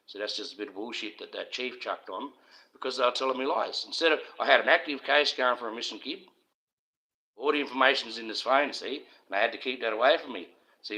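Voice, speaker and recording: A middle-aged Australian man hosts his own livestream in a loose, rambling monologue. His voice is bright and forceful. He sounds aggrieved and conspiratorial, and he keeps turning to address his viewers directly. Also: fairly low pitch, poor audio. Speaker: livestream host.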